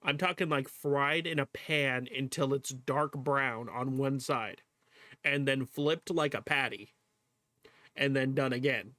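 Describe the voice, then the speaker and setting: A man's voice: mid-range voice, takes it slowly, pushed and bright, dry recording. A male streamer chatting casually to viewers while reacting to a video, laughing often, swearing freely and exclaiming at what he sees. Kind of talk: casual livestream reaction chat.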